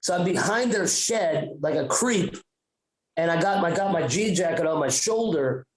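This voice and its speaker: A man's voice: fairly high pitch, moderate pace. A young man telling a comic story on a podcast, profane and rambling. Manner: profane, rambling, animated retelling. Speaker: podcast host. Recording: roomy echo.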